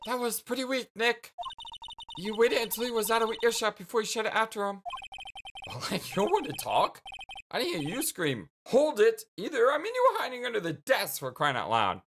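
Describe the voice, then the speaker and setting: A woman's voice: fairly high pitch, wildly swooping pitch, a little fast, noisy background. A woman doing casual let's-play commentary, chatty and thinking aloud.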